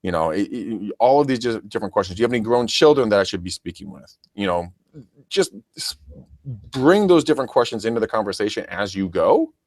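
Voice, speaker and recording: A man's voice: on the low side, big pitch swings, fairly quick, darkish tone, dry recording. Chatty man coaching real estate agents. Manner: chatty, stammering, addresses listeners as guys. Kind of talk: casual podcast coaching.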